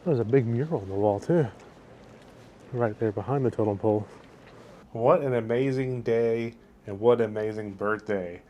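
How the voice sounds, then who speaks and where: Cheerful guy vlogging his trip outside in a harbor town, mid pitch, gushing about everything, a little background hiss. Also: moderate pace, long pauses, highs cut off. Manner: enthusiastic and upbeat, with frequent superlatives. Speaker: travel vlogger. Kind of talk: casual travel vlog narration. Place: outdoors in a port town.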